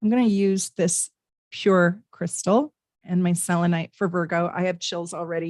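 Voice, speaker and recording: A woman's voice: on the low side, steady tone, normal speed, darkish tone, no room sound, studio quality. A woman hosting a live-stream tarot reading, chatting in a bubbly way with viewers and reading their comments aloud.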